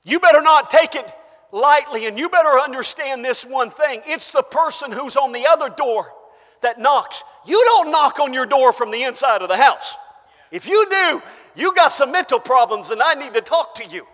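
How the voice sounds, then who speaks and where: A man preaching a sermon to his congregation, emphatic, rising to shouts and dropping to hushed asides, calling out to the room. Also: very high voice, animated, moderate pace. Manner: calls out to the congregation. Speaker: pastor. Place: church. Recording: long church-hall reverb.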